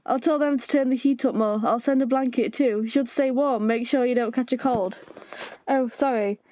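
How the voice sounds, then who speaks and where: A woman's voice: fairly high pitch, fairly even intonation, normal speed, dark tone, close to an everyday voice. A woman reading aloud the chat lines of an anxious, self-blaming young man who pleads not to be left. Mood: pleading. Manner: pleading, apologetic.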